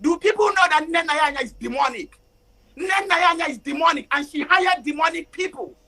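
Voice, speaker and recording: A woman calling in to a talk show, speaking angrily and building to shouting, close to tears. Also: sits high, moderate pace, rough recording. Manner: angry, rising to shouting and near tears. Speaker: caller. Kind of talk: impassioned call-in rant.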